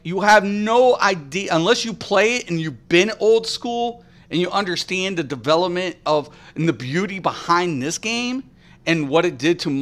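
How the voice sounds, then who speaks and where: A man's voice: sits high, a bit bright. A man streaming a game and ranting bluntly and profanely to his chat about how raids used to work. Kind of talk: casual live-stream rant.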